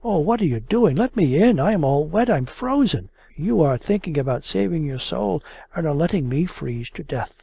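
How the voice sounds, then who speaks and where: A man's voice: fairly high pitch, expressive, normal speed, creaky, dark tone, slightly rough, dry recording, pitched above the performer's own voice, full character voice. A man voicing a timid yet capricious young woman in an audiobook, pleading and coaxing. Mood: distressed. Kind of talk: audiobook character reading.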